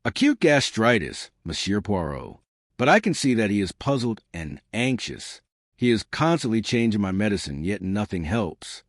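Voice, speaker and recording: Male reader voicing a nervous wife, low voice, pleading, lilting lines. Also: very animated, normal speed, no room sound, clean studio sound. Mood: anxious. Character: frightened middle-aged wife, anxious, indignant. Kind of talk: audiobook reading.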